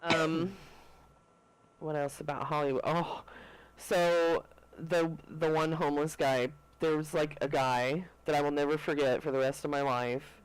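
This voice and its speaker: A man's voice: on the high side, steady tone, unhurried, smooth, no room sound, poor audio. A man co-hosting a podcast, chatting casually and telling laid-back stories full of swearing. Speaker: podcast co-host. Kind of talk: casual chat.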